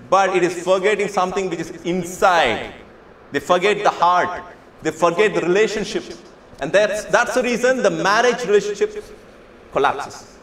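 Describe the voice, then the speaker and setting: A man's voice: high-pitched, fairly bright tone, slight background noise. A man giving a lecture to students and telling a story. He speaks emphatically, repeats phrases and asks rhetorical questions. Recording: echoey room with faint ambience.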